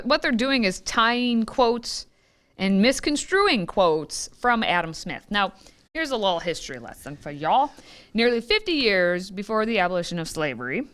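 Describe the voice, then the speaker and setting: A woman's voice: mid-range voice, a bit bright. Wry, sarcastic woman co-host. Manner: wry, sarcastic, reads quotes aloud. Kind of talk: casual political commentary chat.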